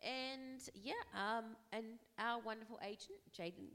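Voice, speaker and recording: A woman's voice: on the high side, measured pace, fairly bright tone. A woman co-hosts a podcast in bubbly, rambling casual chat. She jumps from one thought to the next with an easygoing voice. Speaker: podcast co-host.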